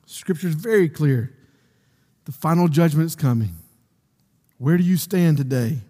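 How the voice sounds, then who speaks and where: A pastor preaches in a high, ringing voice, reading scripture and building to emphatic peaks. His words trail off into the long reverb of a large hall. The sermon swells in waves and then settles back down. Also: normal speed. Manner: reads scripture aloud, rising to loud emphatic peaks.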